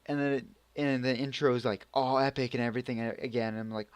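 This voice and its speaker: A man's voice: medium pitch, fast, few pauses, no room sound. A man giving a casual spoken anime review, rambling with many restarts. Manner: rambling, full of restarts and acted reactions.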